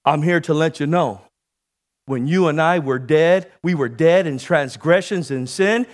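A man preaching a sermon, calling for amens from the congregation and building to shouted peaks. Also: on the high side, measured pace. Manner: call-and-response preaching, rising to shouts.

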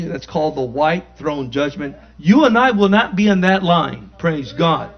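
A man's voice: a little high, animated, a little slow. A man preaching a sermon with emphatic call-and-response. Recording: dull lo-fi recording.

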